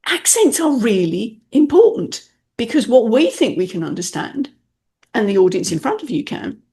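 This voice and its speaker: A woman's voice: a little high, normal speed. A woman from the UK hosting a podcast interview, telling stories in a playful, chatty way. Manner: animated storyteller, playful. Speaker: podcast host, message clarity specialist. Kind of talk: casual interview chat.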